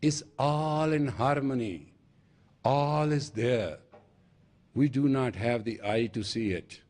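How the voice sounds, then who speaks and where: A man's voice: medium pitch, slow pace, a little mellow. An older man with an Indian accent, a spiritual teacher giving an emphatic storytelling sermon. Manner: storytelling with acted dialogue, emphatic. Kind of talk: lecture sermon.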